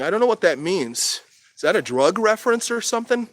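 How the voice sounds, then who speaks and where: A man's voice: high-pitched, very animated, fairly quick. A man vlogging in a casual rant, crude and full of swearing, with laughs between remarks. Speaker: street vlogger.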